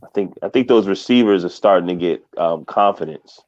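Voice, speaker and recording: Male guest, lowish voice, muffled lo-fi audio, halting and easy-laughing. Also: a little mellow. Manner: loose, halting, laughs easily. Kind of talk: casual sports chat. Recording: dull lo-fi audio.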